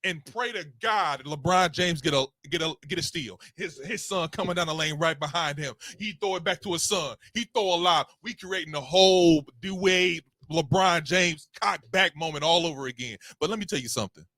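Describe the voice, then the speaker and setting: Man, hoarse, heated debate talk, shouty, repetitive, dry close sound. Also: a little high, normal speed, few pauses, no room sound. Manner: loud, repeats himself, breaks into shouting. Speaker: podcast co-host.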